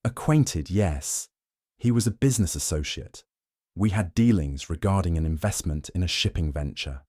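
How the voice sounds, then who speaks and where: A man's voice: low-pitched, expressive, moderate pace, darkish tone, dry recording, clean studio sound. A man voicing a guarded aristocratic lady in an audiobook, speaking in short, clipped replies. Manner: clipped, curt. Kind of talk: audiobook character voice.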